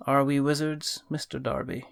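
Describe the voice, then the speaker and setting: A man's voice: mid-range voice, level tone, a little slow, vocal fry, dry recording. Male podcast host, jokey outro delivery, dry close mic. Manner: jokey, plugging the show. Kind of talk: casual chat and show outro.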